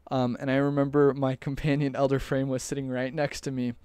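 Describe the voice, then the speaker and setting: A man's voice: medium pitch, flat delivery, brisk, a little mellow, clear, resonant tone, no room sound. A young man telling a casual, rambling story about his time as a missionary, often restarting his sentences and chuckling. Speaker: storyteller recalling a church mission.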